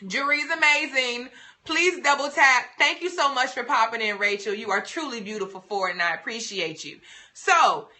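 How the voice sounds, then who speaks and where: Young woman, livestream host, sassy and playful, bright forceful voice, fairly high. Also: normal speed. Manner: sassy, playful, emphatic repetitions. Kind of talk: casual livestream tips talk.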